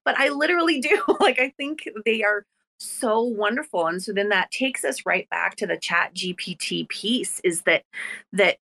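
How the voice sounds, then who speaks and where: A woman's voice: medium pitch, a little slow, vocal fry, fairly bright tone. A woman with a mid-range voice hosts a chat about writing. She sounds bubbly and encouraging with her guests. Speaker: podcast host.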